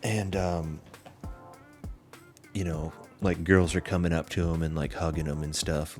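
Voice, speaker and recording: Very deep-voiced man telling a story casually. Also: little pitch movement, measured pace, pauses often, a little mellow, soft background music. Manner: rambling storytelling with frequent swearing and fillers. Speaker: podcast host. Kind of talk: casual chat.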